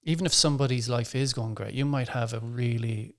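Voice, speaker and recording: A man's voice: mid-range voice, brisk. An Irish man, a stand-up comedian, talking as a guest on a casual podcast in a wry, grumbling, self-deprecating way.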